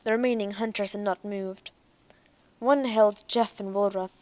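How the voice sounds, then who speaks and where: A woman narrating a science fiction audiobook in a steady, even reading voice. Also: mid-range voice, normal speed, lo-fi sound.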